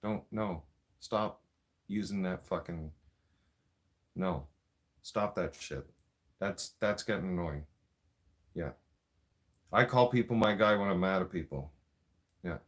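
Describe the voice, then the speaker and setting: A man's voice: sits low, takes it slowly, pauses often. A man in a profane, mocking political rant, cursing and repeating himself. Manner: vaping while talking. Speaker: vlogger.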